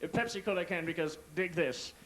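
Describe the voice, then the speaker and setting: A comedian doing an impression of a smooth, hip male showbiz entertainer who croons and talks jive slang. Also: high voice, normal speed, a bit bright, rough recording.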